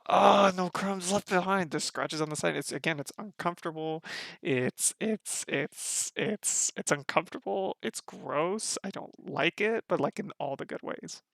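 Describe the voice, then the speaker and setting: Man, streamer, excitable, slangy, gravelly, sharp bright tone, casual live commentary. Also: high-pitched, measured pace, no echo, studio quality. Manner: excitable, gushing, slangy, repeats himself.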